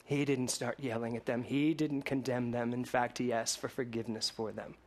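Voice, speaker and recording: A man preaching a sermon to a congregation, swinging between loud emphatic lines and hushed ones. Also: mid-range voice, little pitch movement, moderate pace. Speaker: minister.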